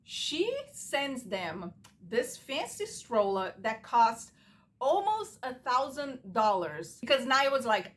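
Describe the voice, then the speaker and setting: A woman's voice: on the high side, very animated, takes it slowly, a bit bright. A woman giving a casual, opinionated TV recap, talking straight to camera and acting out quotes with animation. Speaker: TV recap vlogger.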